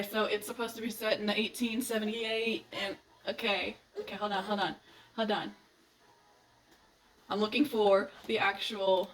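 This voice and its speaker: A young adult woman gushing and giggling as she rants about books she loves in a casual vlog. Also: medium pitch. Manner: gushing, giggly, animated retelling. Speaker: book vlogger. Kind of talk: excited casual book rant. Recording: slightly distant mic with faint background noise.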